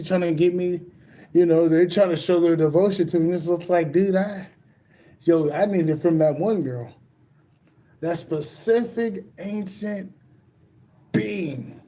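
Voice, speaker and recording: A man with a high voice and a mellow, darker tone, talking in a loose, rambling monologue. He swears constantly and gets excitable as he vlogs about spiritual things. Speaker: spiritual vlogger. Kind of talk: casual monologue.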